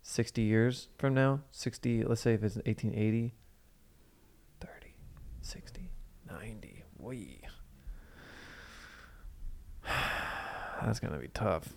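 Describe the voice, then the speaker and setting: A man's voice: lowish voice, moderate pace, vocal fry, a little mellow, smooth. A man co-hosting a casual podcast chat, playful and jokey. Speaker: podcast co-host.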